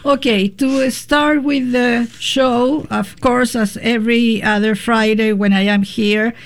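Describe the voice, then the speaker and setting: Slow-talking woman radio host. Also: on the high side, fairly even intonation, creaky. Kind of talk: casual radio interview.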